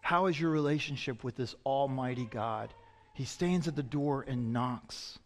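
A man preaching a sermon as pastor, swinging from loud emphatic lines to quiet, low asides. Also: unhurried, big-room sound.

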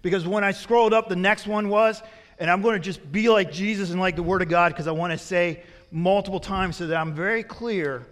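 A man's voice: high-pitched, a little fast. A man preaching a sermon as pastor, asking his congregation rhetorical questions and growing emphatic when he warns them. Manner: grows forceful and emphatic when warning. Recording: long reverb of a large hall.

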